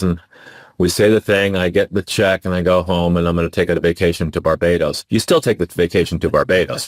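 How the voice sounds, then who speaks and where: A man with a low, deep voice, speaking as a guest in relaxed conversation. He thinks aloud, circling back and restarting sentences, and the recording is dry and close. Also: no room sound. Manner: thoughtful, rambling with restarts. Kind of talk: casual conversation.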